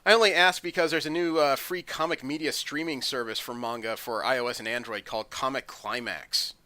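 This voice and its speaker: A man's voice: medium pitch, fairly even intonation, fairly quick, bright, forceful tone, no room sound. A man hosting a podcast, chatting through comic news with frequent ums and uhs. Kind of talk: casual chat.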